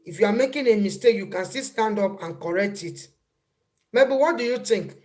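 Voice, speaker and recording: A woman's voice: mid-range voice, normal speed, a little mellow. A woman hosting a casual live stream, repeating phrases and breaking off to greet viewers as they arrive.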